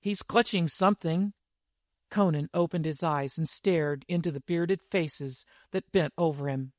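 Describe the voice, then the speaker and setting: A man narrating a dramatic adventure story in a measured, deliberate reading style. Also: a little high, darkish tone, no echo, clean studio sound. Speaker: audiobook narrator.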